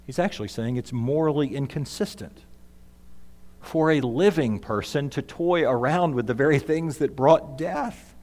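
A man preaching a sermon as pastor, emphatic, swinging between loud and hushed. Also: medium pitch, moderate pace. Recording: long reverb of a large hall.

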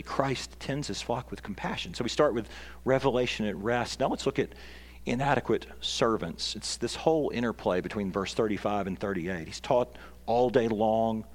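A man preaching a sermon as pastor, earnest and building to emphatic peaks. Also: lowish voice. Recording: long reverb of a large hall.

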